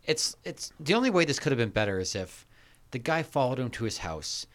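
A man's voice: mid-range voice, sing-song, a little fast, fairly bright tone. A man co-hosting a podcast, teasing the others and egging them on to tell their stories in a casual chat. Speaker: podcast co-host.

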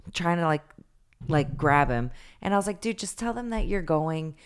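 Low-voiced woman telling a chatty story. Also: normal speed, clean tone. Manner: chatty, animated retelling with lots of fillers. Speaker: podcast co-host. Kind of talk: casual storytelling chat.

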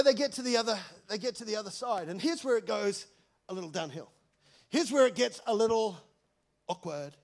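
A New man preaches with a lot of energy, telling the story in a loose, joking way and calling out to the room. His voice sits high for a man and has a gravelly, creaky edge. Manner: energetic, conversational, jokey storytelling. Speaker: pastor. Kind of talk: sermon.

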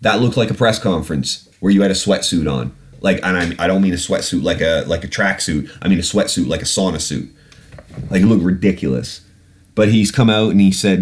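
A man's voice: low voice, brisk. A man hosting a podcast, ranting bluntly and swearing often, with plenty of ums and restarts. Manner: blunt, sweary, animated ranting with frequent fillers. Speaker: podcast host. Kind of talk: casual solo podcast rant.

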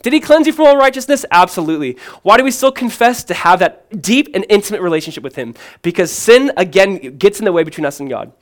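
A pastor preaching with earnest emphasis, his voice sitting a touch higher than most men's. He poses question after question and answers them, shifting between ringing proclamation and quiet, close asides. He keeps it conversational, dropping in a casual "man" now and then. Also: expressive, fast, few pauses. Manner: earnest and emphatic, asks and answers questions, swings from loud to hushed. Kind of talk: sermon.

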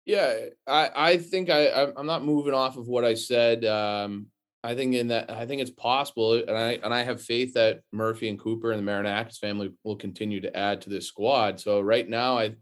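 An American man guesting on a casual football podcast, talking in a measured, earnest way with frequent restarts. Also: mid-range voice, fairly even intonation. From United States.

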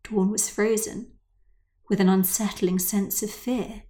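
A woman narrating a children's story in an expressive, measured way. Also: mid-range voice. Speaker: audiobook narrator.

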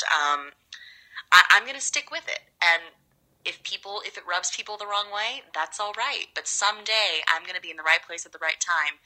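A young woman from Los Angeles, a guest actress, telling animated stories in a casual interview. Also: fairly low pitch, rough recording. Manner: animated, drawn-out storytelling.

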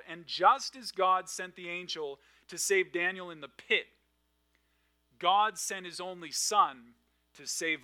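A male pastor delivers a sermon in a high, piercing, brilliantly bright voice. He rises to loud, emphatic declarations, then falls back to soft, hushed asides.

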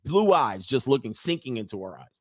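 A man's voice: medium pitch, big pitch swings, a little fast, no room sound, clean studio sound. A man telling a story from his dating life in a casual, conversational way, often checking in with "right?". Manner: conversational, tags lines with "right?".

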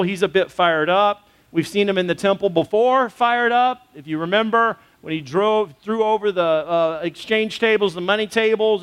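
High-voiced man preaching conversationally. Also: a bit bright, clean tone. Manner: conversational preaching with fillers and rhetorical questions. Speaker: pastor. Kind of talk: sermon.

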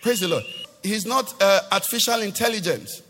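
A man's voice: sits high, brisk, pushed and bright, long reverb tail, slight background noise. A male pastor preaching a sermon, quizzing the congregation with rhetorical questions.

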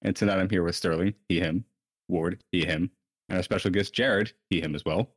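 A podcast host, a man with a very deep voice. He talks quickly in a brisk, chatty way. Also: fairly even intonation, breathy edge. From United States. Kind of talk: casual podcast talk.

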